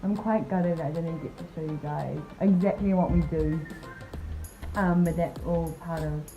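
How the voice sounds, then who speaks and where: A woman's voice: low voice, fairly even intonation, measured pace, warm tone, poor audio. Chatty young New Zealand woman. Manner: chatty, upbeat, laughs often. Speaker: vlogger and airport worker. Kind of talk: casual vlog chat. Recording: background music under the voice.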